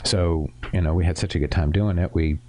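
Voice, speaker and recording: Very low-voiced man, easygoing podcast co-host. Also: fairly even intonation, fairly quick, warm tone. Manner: thoughtful, hesitant, many fillers. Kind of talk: casual conversation.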